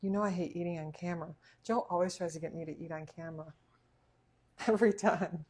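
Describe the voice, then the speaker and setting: Woman, cooking-stream host, low voice, chatty, laughs a lot. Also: steady tone, a little fast, a little mellow, husky. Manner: chatty, laughs often, talks while eating. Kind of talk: casual livestream chat.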